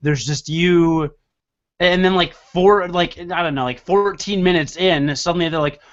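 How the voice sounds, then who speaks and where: A man's voice: fairly high pitch, a little slow, highs cut off. A man co-hosting a casual gaming podcast, joking and rambling as he talks. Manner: joking, rambling, laughs while talking. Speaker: podcast co-host. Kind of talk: casual chat.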